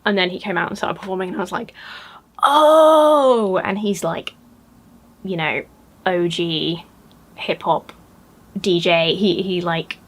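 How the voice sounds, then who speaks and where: An English woman talks straight to her viewers in a loose, chatty vlog. She gushes with excitement, her voice jumps up high, and she piles on fillers and restarts as she goes. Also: measured pace, pauses often. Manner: gushing and excitable, with many fillers. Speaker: YouTuber. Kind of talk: casual chat.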